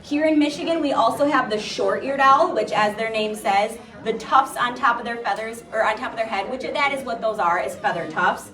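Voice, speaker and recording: A chatty woman nature educator talks lightly and playfully to a live group. Her voice sits a little high. She sounds far from the mic, in a room with a clear echo. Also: moderate pace, hardly any pauses, pushed and bright. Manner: chatty and playful, imitating bird calls. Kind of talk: live educational talk to an audience. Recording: echoey room, distant mic.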